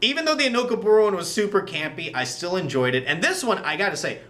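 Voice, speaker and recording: A man giving a casual movie recap with a high, lively voice that swings all over the place. He sounds bright and sharp, breaking into sarcastic asides. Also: fast. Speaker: film reviewer.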